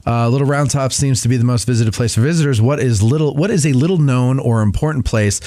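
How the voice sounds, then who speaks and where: Male host, mid pitch, reads viewer questions with small stumbles, dry close mic. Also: fast talker, dark tone, dry recording. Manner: reads questions aloud, stumbles and corrects himself.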